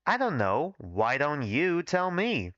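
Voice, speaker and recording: A man's voice: on the high side, very animated, slow pace, a bit bright, no echo, exaggerated voice. A man reading the lines of a blunt, provocative student from his own fan fiction in his plain reading voice, on dull, dry audio.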